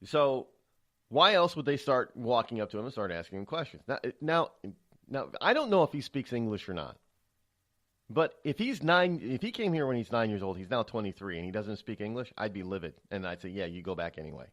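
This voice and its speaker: A man hosting a talk radio show, talking alone at a mid-range pitch. He rambles, doubles back on his words and drops in indignant remarks as he goes. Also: expressive, a little fast, a bit bright. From United States. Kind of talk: solo political commentary.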